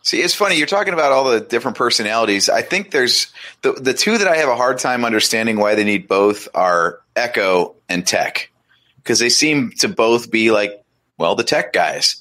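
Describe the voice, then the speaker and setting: A man co-hosting a podcast in casual chat, easygoing and opinionated, with quick asides. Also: mid-range voice, animated, pushed and bright. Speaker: podcast co-host.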